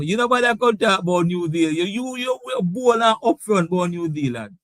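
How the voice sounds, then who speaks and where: A man's voice: sits high, animated, brisk, fairly bright tone, no echo. A man hosting a casual live sports talk stream. He laughs often and reads out viewer comments. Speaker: sports talk show host.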